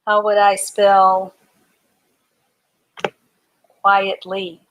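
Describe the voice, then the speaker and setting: With a monotone, medium-pitched voice that's a bit bright, a woman teaches a live online reading class for adults at an extremely slow pace. She patiently spells out words letter by letter and gives example sentences, with slight background noise in the recording.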